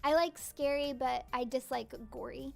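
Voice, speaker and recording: A woman's voice: high-pitched, steady tone, moderate pace, gravelly, soft background music. A young woman streamer chatting casually while drawing, giggly and full of fillers. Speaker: streamer and virtual idol voice actor.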